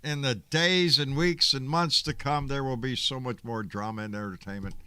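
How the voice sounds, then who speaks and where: A man with a Texan accent hosting a casual live online talk show, relaxed and folksy, quick to swear and laugh. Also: mid-range voice, clear, resonant tone, dry recording. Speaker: host.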